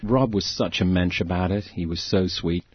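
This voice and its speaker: A man, an actor, telling lively anecdotes as a guest in an interview. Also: deep voice, moderate pace, husky, muffled recording. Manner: animated anecdotes, acting out quoted voices, frequent laughs. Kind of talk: storytelling in a conversational interview.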